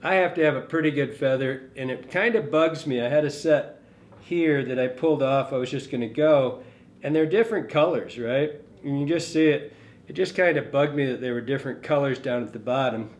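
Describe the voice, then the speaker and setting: A man's voice: mid-range voice, a little fast. A middle-aged man demonstrating fly tying in a casual, rambling, folksy way, often correcting himself mid-sentence.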